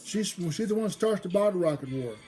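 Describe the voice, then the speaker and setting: A woman telling a family story in a rambling, casual way, getting loud and excited as it builds. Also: mid-range voice, quick pace. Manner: rambling, restarts, grows loud and excited in the retelling. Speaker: storyteller host. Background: faint background music.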